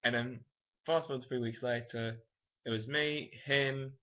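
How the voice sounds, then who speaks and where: A man's voice: medium pitch, fairly even intonation, unhurried. Rambling young man, lo-fi audio. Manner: rambling, emotional and frank. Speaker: vlogger. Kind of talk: candid personal storytelling. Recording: dull lo-fi camera audio.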